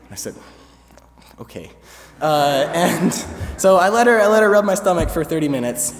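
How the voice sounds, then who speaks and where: Young male student storyteller, slightly high voice, halting and filler-heavy, long hall reverb. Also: crowd noise. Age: young adult. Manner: hesitant, many fillers, laughs through the story. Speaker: student speaker. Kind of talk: storytelling speech to an audience. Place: large hall before an audience. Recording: echoey hall, faint ambience.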